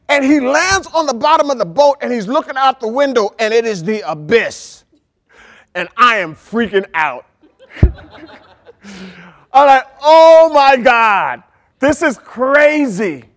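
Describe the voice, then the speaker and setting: A male pastor with a strikingly high voice delivers a sermon. He talks conversationally, with frequent asides to the congregation. He bursts into loud, excited exclamations as he tells a story. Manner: animated storytelling with sudden shouted outbursts.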